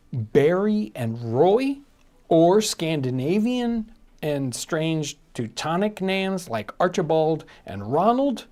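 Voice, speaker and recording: A man's voice: on the high side, darkish tone. A man hosting a casual live stream chat, rambling along with restarts, fillers and laughs.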